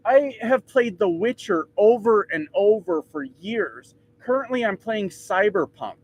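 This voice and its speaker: A trucker vlogger in his thirties rants casually and profanely to his audience from inside his truck, mocking himself as he goes. His voice is high-pitched with big pitch swings, at a measured pace with hardly any pauses.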